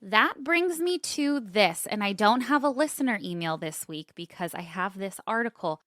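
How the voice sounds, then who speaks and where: A woman co-hosting a podcast, telling stories in casual chat, animated and swearing freely as she acts out what people said. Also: medium pitch, moderate pace, no room sound, clean studio sound. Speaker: podcast co-host.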